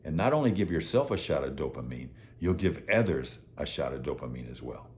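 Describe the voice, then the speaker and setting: Older male host, 70s, low voice, lively earnest motivational delivery. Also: brisk, slight background noise. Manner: earnest, animated storytelling. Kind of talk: motivational talk to viewers.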